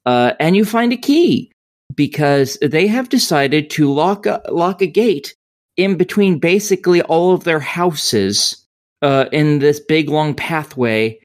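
A woman's voice: deep voice, animated, slow, a little mellow. Profane, rambling woman podcaster. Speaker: podcast co-host reviewing video games. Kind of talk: casual chat.

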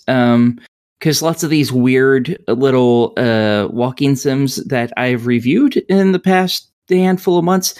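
A woman's voice: rumbling low, a little mellow. A woman co-hosting a podcast, reviewing a video game in casual chat with a rambling, profane, sardonic way of talking.

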